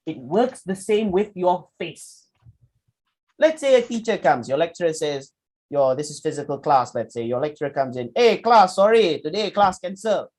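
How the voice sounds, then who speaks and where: A young man, teaching a public speaking workshop in an animated way. He asks the audience questions and acts out quick examples. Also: a little high, low-quality recording. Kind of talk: lecture presentation with slides.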